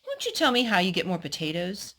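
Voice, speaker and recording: A woman's voice: on the low side, wildly swooping pitch, fast, a bit bright, slight background noise, heavily acted. A woman reading as an eager, curious little girl. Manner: eager, inquisitive.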